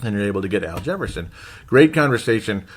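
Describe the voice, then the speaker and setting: A man chats through a casual fan podcast. His voice sits a little low. He rambles from one thought to the next and reads listener comments aloud as he goes. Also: animated, quick pace, breathy edge. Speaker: podcast host.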